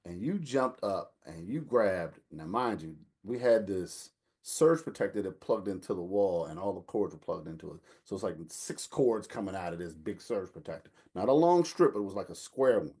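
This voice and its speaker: A man, telling a lively family story in casual chat and acting out the voices of the people in it. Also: deep voice, moderate pace, husky. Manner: animated storyteller, acts out quotes, laughs while telling. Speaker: older brother telling a story.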